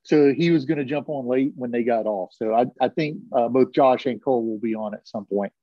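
A man's voice: medium pitch, brisk, no room sound, muffled recording. A man hosting a casual live call-in podcast over a video call, teasing his callers. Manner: joking, teasing banter with callers. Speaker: podcast host.

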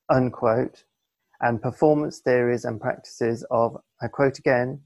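A man's voice: mid-range voice, fairly even intonation, slow, a little mellow, dry recording. A man co-hosting a podcast from home over a video call, with casual banter in a dry, self-mocking, mock-pompous manner. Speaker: podcast co-host.

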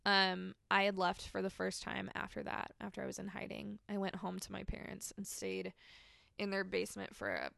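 Candid young woman with gravelly fry. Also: mid-range voice, normal speed, a bit bright, no echo, studio quality. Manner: candid, storytelling, many "like" fillers. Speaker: guest. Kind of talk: personal testimony in a podcast interview.

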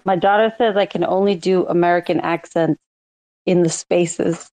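A woman's voice: lowish voice, steady tone, normal speed, darkish tone, low-quality recording. A woman joking and giggling in a casual group chat. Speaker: Twitter Space participant.

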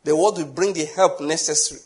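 A middle-aged man preaching with a slightly raised voice. He is animated, fires rhetorical questions at the congregation and acts out little scenes as he goes. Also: on the high side, brisk. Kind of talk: sermon.

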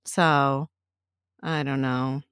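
A woman's voice: a bass voice, fairly even intonation, very slow, a bit bright, smooth, no echo, clean studio sound. A middle-aged woman in casual chat, ranting bluntly and swearing freely.

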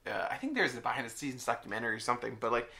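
A young man co-hosting a casual podcast, eager and quick to laugh and agree. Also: mid-range voice, big pitch swings, creaky, pushed and bright. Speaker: podcast co-host.

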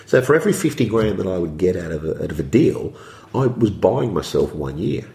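Man, interview guest, low voice, lively swooping pitch, rambling, echoey room. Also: brisk, creaky. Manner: rambling, acts out his own thoughts in quotes, chuckles. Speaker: property developer, podcast guest. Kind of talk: conversational interview talk. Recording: roomy echo.

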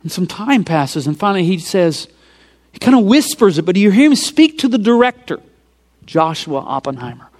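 A man preaching, retelling a film scene by scene in an animated storytelling sermon and dropping to hushed near-whispers for emphasis. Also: high voice, moderate pace.

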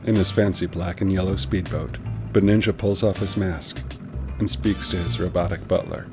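A man's voice: deep voice, steady tone, moderate pace. A man hosting and narrating a serialized story podcast in a playful, upbeat way. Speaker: host and narrator. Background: music.

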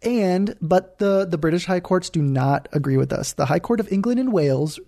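Male co-host, mellow dark tone, dry close sound, casual halting chat. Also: high voice, no echo. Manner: halting, restarts often, playful. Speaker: podcast co-host.

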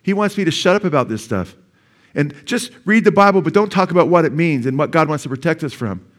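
A man's voice: a little high, expressive, fast. A middle-aged male pastor preaching a sermon in a church, talking conversationally and asking the congregation questions.

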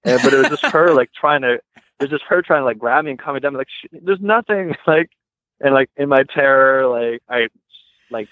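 A man talking as a guest, telling a story casually with many "like"s and lively retellings. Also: medium pitch, brisk, no room sound. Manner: heavy use of "like", lively retelling. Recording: tinny phone line, dry.

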